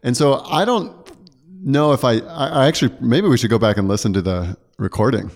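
A man who is a preacher, talking through a point in casual church chat, earnest and quick to correct himself. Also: medium pitch. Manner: earnest, self-correcting, laughs easily.

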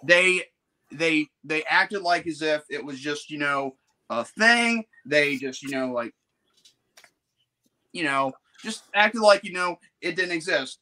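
A man's voice: fairly high pitch, slow, sharp tone. A man hosting a podcast, talking casually and meandering, leaning on filler words as he explains. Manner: meandering, full of "you know" fillers. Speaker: podcast host. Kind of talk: casual chat.

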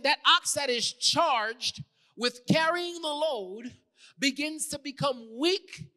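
A man from New York preaching a sermon as a ministry leader, swinging from loud emphatic lines to quiet asides. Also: very high-pitched. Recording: long hall reverb.

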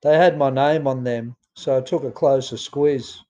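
A man's voice: medium pitch, steady tone, moderate pace, dark tone, lo-fi sound. A man with an Australian accent reading his own memoir aloud in a plain storytelling way, with some fillers and restarts. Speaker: memoir narrator.

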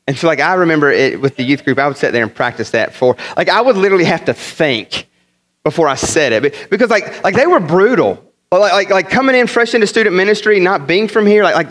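A pastor from the northern United States preaching a sermon, telling funny stories in an animated way and often repeating his words. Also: high voice. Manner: animated, humorous storytelling with many repeated words.

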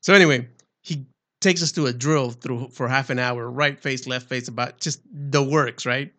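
A man casually telling a lively, profane story with frequent laughter. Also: mid-range voice, moderate pace. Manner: animated, swearing, laughs while telling stories. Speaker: former Marine recruit.

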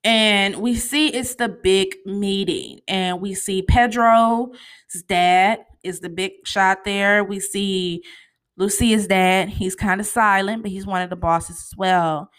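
A woman talking through a TV episode recap in a loose, chatty way. Her voice sits at a middling pitch. She keeps it lively and conversational, scattering "you know" and "honey" through her talk. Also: takes it slowly, clean tone. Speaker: TV show recap host.

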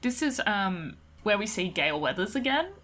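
A woman's voice: medium pitch, very animated, normal speed, fairly bright tone. A woman co-hosting a podcast, chatting enthusiastically about films and laughing often. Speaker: podcast co-host. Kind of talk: casual film discussion.

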